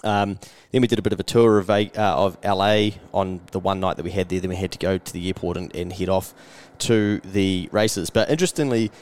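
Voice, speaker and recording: A man's voice: low-pitched, fairly even intonation, a little fast, few pauses, a little hiss or hum. A man with a New Zealand accent hosting a podcast, telling travel stories in casual chat and acting out what people said. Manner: storytelling, acting out quotes, frequent mate and fillers. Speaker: podcast host.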